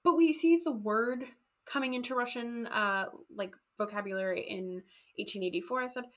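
A woman casually telling a history story on a podcast, animated and jokey, acting out quotes. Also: on the high side, moderate pace. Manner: animated, jokey, acts out quotes in goofy voices. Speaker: podcast co-host.

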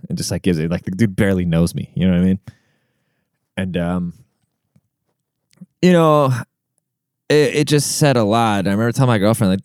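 A man's voice: low voice, moderate pace, long pauses, darkish tone, clear, resonant tone, no room sound, clean studio sound. A young man talking casually through a personal story, rambling with lots of filler words and swearing, earnest and emotional.

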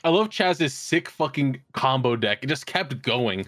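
A man's voice: mid-range voice, animated, unhurried, fairly bright tone, no echo, clean studio sound. A young man co-hosting a casual podcast chat, crude and joking, swearing a lot. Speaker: podcast co-host.

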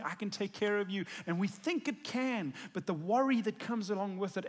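A male pastor giving a conversational sermon, earnest and emphatic as he tells a personal story. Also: sits high.

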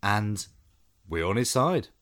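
A man's voice: lowish voice, big pitch swings, slow, a bit bright. Dry-humoured man co-hosting. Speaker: podcast co-host. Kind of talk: casual film review chat.

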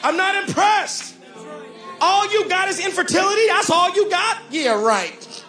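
Man, young adult, pastor, preaching sermon, swings between shouting and quick quiet asides, faint music behind. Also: very high voice, lively intonation, echoey room. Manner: shouting and half-singing with rising intensity.

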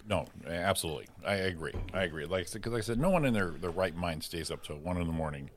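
A man co-hosting a morning show, wisecracking and dropping into quick impressions. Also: low voice, expressive, a little hiss or hum. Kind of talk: casual joking banter. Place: studio, on video.

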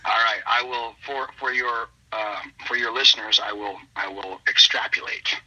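A man's voice: on the low side, fairly even intonation, moderate pace, bright, forceful tone, breathy edge. A man, a wrestler, telling a rambling casual anecdote with lots of restarts, on a muffled lo-fi line. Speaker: wrestler guest. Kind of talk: casual storytelling.

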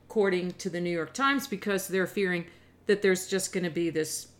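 A middle-aged woman giving opinionated solo commentary, animated and emphatic with sarcastic asides. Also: on the low side, moderate pace.

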